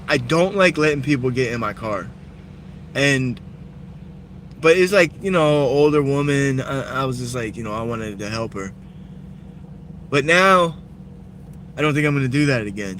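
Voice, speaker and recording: A man's voice: a little high, fairly bright tone, a little hiss or hum. Young man streaming from his car. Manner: loose, profane storytelling. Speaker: livestreamer. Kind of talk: casual live-stream chat while driving. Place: inside a car at night.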